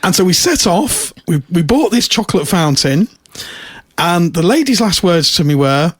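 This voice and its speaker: A man's voice: sits high, very animated, moderate pace, a bit bright, slight background noise. A man co-hosting a podcast in casual chat, telling stories in a jokey, playful way. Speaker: podcast co-host.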